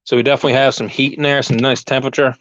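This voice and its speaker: A channel host chats casually and live to his viewers while gardening outdoors, rambling and restarting his thoughts into a lapel mic, out of breath. His medium-pitched voice is level, rapid-fire, and a bit bright. The recording sounds dull, dry, and lo-fi.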